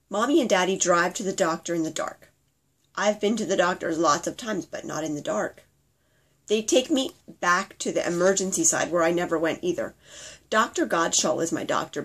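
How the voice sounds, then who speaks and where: A woman reading her own childhood memoir aloud, telling it simply and earnestly in the voice of her five-year-old self. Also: medium pitch. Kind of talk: memoir reading told in a child's present-tense voice.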